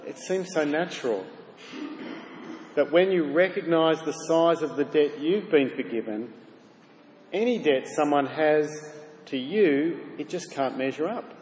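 A man with a fairly high, darkish voice preaches a sermon a little slowly, addressing his listeners earnestly and directly with rhetorical questions. The hall is reverberant, with faint ambience and slight background noise.

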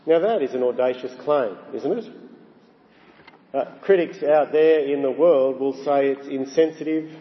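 Man, sermon, emphatic, slows for weight, long reverb. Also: mid-range voice. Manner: emphatic, rising on key phrases, slowing for weight. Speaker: preacher. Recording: dull sound with long hall reverb.

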